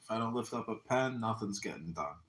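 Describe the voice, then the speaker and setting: A man's voice: on the low side, lively intonation, brisk, a bit bright, reverberant. A man hosting a casual livestream chat, blunt, mocking and profane. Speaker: livestream host and candidate. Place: room at home.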